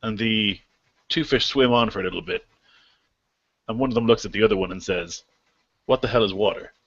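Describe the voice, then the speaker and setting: A man voicing a grave male guardian of an ancient maze people, speaking slowly and formally. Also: fairly low pitch, fairly bright tone, lo-fi sound.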